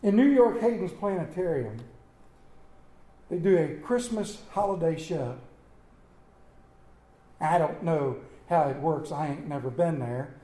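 A male pastor with a high-pitched voice delivers a sermon in an animated, folksy storytelling manner. He peppers it with rhetorical questions. The recording carries a roomy echo, as in a church. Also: measured pace, pauses often. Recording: echoey room.

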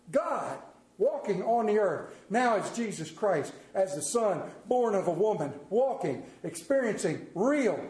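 High-voiced preacher in an echoey hall. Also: male voice. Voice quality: folksy Southern drawl talk with "ain't" and "y'all". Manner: storytelling, shifting from hushed tender moments to loud emphatic preaching. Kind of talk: sermon. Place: church sanctuary.

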